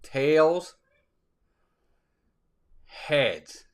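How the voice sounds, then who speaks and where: A man's voice: fairly high pitch, big pitch swings, extremely slow, smooth. A man hosting a casual live stream, upbeat, laughing often and greeting viewers by name. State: out of breath.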